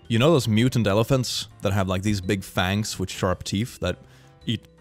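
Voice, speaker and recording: A non-native English-speaking man streams casual reactions to memes, giggling and joking and often talking to himself. His voice is fairly low and his pace normal, recorded without echo over faint background music.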